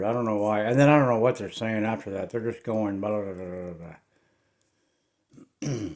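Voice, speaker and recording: A middle-aged man with a Southern US accent, telling a ghost story in a casual, rambling way to his viewers, often trailing off into quiet mumbles. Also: fairly low pitch. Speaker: paranormal investigator vlogger.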